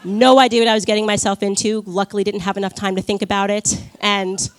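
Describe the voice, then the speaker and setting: A woman giving a personal testimony speech at a conference, telling her story with animated energy, quick laughs and acted-out quotes. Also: medium pitch, some chatter behind. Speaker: conference speaker.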